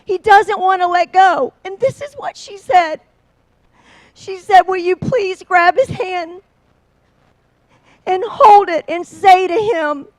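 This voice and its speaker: A woman giving an emotional motivational talk at a seminar, slow and heartfelt, building to emphatic encouragement. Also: very high-pitched, no room sound, low-quality recording. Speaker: seminar speaker.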